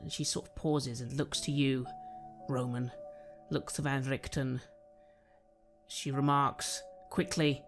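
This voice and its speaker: A man narrates a tabletop horror game as game master, drawing each phrase out slowly for suspense. Quiet music plays underneath the narration. His pitch sits in the middle range. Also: flat delivery. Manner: slow, dramatic narration.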